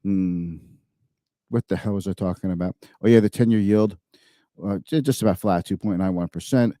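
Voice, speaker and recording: Guy w a low mellow voice chatting thru market numbers, keeps correcting himself, dry sound. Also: moderate pace, no room sound. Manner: chatty, self-correcting, thinking aloud. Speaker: financial show host. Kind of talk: casual market commentary.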